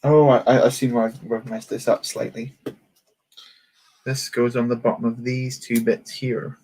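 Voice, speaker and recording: A man's voice: medium pitch, flat delivery, moderate pace, a little mellow. A man chatting casually on a livestream while building a toy set, joking and poking fun at himself. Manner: chatty, joking, self-mocking.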